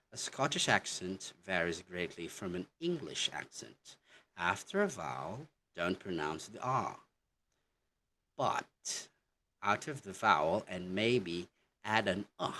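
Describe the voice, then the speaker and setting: A man's voice: deep voice, fairly bright tone, a little hiss or hum. A man teaching an English pronunciation lesson, repeating example words and checking in with "okay" after nearly every phrase. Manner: slow, repetitive, says "okay" constantly while demonstrating words.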